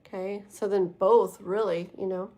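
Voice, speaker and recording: A woman's voice: medium pitch, steady tone, normal speed, darkish tone. A woman doing a live tarot reading. She talks casually, rambles, fills her speech with "like" and "um," and speaks straight to her viewers. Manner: rambling, filler-heavy, casual; chatty, addresses viewers directly. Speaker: tarot reader.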